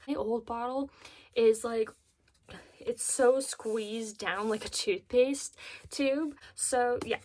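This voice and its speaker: A woman of twenty-two chatting in a bubbly, gushing way about her makeup purchases as a beauty vlogger. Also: on the high side. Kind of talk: casual makeup haul chat.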